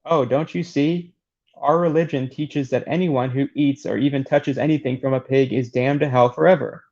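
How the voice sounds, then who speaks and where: Brief: man doing a panicked fighter, low gravelly voice, dull lo-fi take. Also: fairly even intonation, normal speed, darkish tone, lightly acted. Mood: distraught. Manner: distraught, plain reading voice. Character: frightened male fighter fleeing in panic. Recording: dull lo-fi recording.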